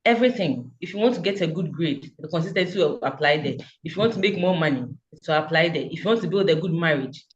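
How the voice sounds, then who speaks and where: A woman's voice: on the low side, expressive, fast talker, few pauses, lo-fi sound. A woman giving a fervent, encouraging testimonial about her community, speaking over a video call. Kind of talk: earnest motivational speech.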